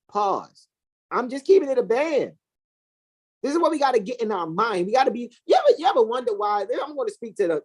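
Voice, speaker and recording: A woman co-hosting a heated, casual discussion, talking in an emphatic, profane and preachy way. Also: a little mellow. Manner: emphatic, profane, preachy, swings between high and low pitch. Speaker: co-host.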